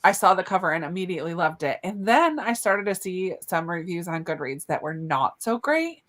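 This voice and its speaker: A woman's voice: fairly low pitch, normal speed. Joking woman co-host of a book chat. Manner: relaxed, joking, sarcastic asides. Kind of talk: casual live book chat.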